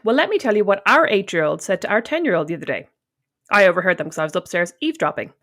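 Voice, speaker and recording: A woman's voice: mid-range voice, animated, a bit bright. A middle-aged Irish woman co-hosting a podcast, bantering dryly with her sister. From Ireland. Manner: dry, quick-witted banter. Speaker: podcast co-host. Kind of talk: casual chat.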